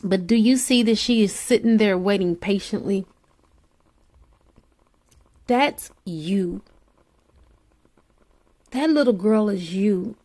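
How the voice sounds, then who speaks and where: A woman's voice: medium pitch, takes it slowly, pauses often, a little mellow. A woman tarot reader speaking straight to the listener in a soothing spiritual pep talk, repeating her encouragements.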